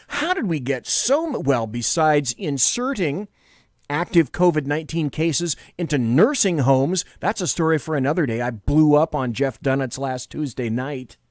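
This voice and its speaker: A man's voice: mid-range voice, normal speed, no room sound, clean studio sound. A man hosting a talk radio show, giving sarcastic, opinionated commentary between audio clips. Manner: sarcastic, lively, mocking.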